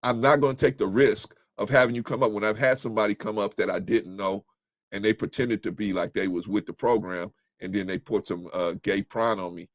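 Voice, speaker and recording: A man's voice: lowish voice, steady tone, a little fast, dry recording. A man hosting a live talk show, reading viewer comments aloud and answering them bluntly, with many restarts and fillers. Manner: blunt and combative, rising sharply when heated. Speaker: livestream show host.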